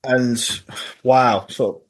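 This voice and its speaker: A man's voice: medium pitch, steady tone, very slow. Chatty man telling stories. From England. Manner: chatty, laughs at his own stories. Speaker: podcast guest, football fan. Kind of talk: casual storytelling chat.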